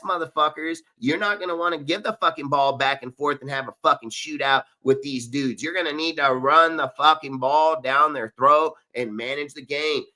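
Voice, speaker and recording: A man's voice: a little high, pushed and bright. A man hosting a live sports show, ranting heatedly and profanely about his team's draft choices. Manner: profane, fired-up, argumentative. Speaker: podcast host. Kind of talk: heated sports talk rant.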